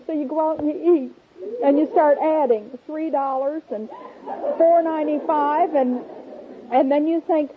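A woman teaching a women's Bible class to a live audience, animated and humorous, acting out everyday household scenes. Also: sits high. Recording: tinny, narrow-band old recording.

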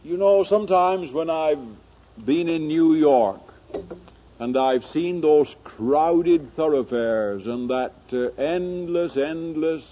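A man preaching a sermon in slow, dramatic oratory that builds to emphatic peaks. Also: fairly high pitch, muffled recording.

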